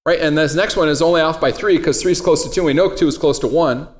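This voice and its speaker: A man's voice: fairly high pitch, fast talker. A man teaching a trading class in a classroom, casual and joking as he talks straight to his students. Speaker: trading instructor. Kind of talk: classroom lecture.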